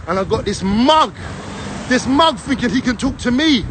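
A middle-aged man, telling a heated story in a profane, animated way. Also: extremely high pitch, normal speed, a little hiss or hum. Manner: animated, profane, acts out the other man's lines. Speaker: vlogger.

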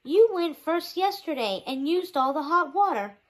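A woman's voice: high voice, very animated, normal speed, pitched above the performer's own voice. A woman voicing a whiny teenage boy who is complaining to his brother in a storybook reading.

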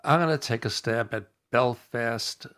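A man's voice: mid-range voice, measured pace, fairly bright tone. A man contributing to a casual podcast chat, tentative and self-deprecating. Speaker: show contributor.

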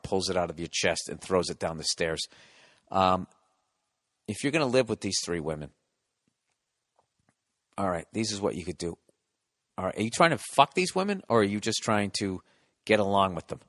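A man's voice: no echo, studio quality. Profane sardonic middle-aged man ranting. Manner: profane, sardonic, swings between low mutters and loud outbursts. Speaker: podcast host. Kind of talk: comedic monologue rant.

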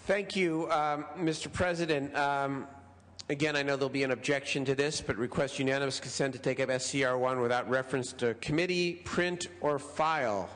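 A middle-aged man, a state senator, making measured procedural requests on the floor with some hesitant fillers. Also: medium pitch, a bit bright. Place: large legislative chamber. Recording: reverberant legislative chamber.

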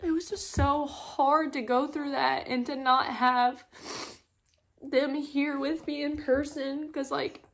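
A young woman, telling her own story at home as a mother vlogger, tearful and halting, with many filler words. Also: high-pitched, fairly even intonation. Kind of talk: emotional personal storytelling. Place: at home on a couch.

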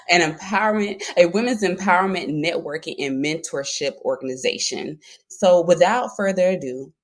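A woman's voice: lowish voice, moderate pace. A woman from Alabama with a Southern accent, hosting a podcast interview in an upbeat, chatty way. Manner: upbeat, chatty, says "y'all" often. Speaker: podcast host. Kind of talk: casual interview chat.

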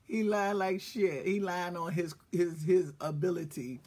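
Husky-voiced, profane live-stream host. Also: mid-range voice, a little slow. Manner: swings from quiet asides to loud shouted greetings; profane, joking banter. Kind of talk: casual live-stream chat.

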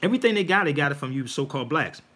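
A man hosts a casual livestream, lecturing his viewers with lively, swooping pitch. His voice sits a bit high for a man and carries a husky edge. He calls out to the audience constantly and presses his point with insistence. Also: very fast. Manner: animated, preachy, addresses viewers as y'all. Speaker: livestream host.

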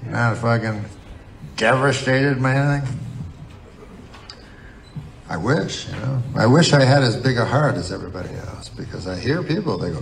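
A man performing a stand-up comedy set in a large venue, deadpan, rambling and profane. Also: medium pitch, normal speed, creaky, pauses often. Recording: audience recording with loud crowd and noise. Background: crowd laughter.

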